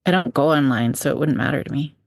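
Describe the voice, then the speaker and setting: A woman's voice: a bass voice, fast talker, vocal fry, darkish tone, no room sound, studio quality. A woman co-hosting a podcast, talking casually and self-deprecatingly. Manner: self-deprecating, plain-spoken. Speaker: podcast co-host. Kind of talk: casual chat.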